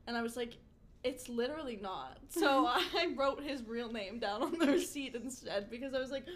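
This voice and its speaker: A woman's voice: fairly high pitch, normal speed. A young woman co-hosting a podcast, telling work stories in casual chat and laughing through the punchlines. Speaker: podcast co-host.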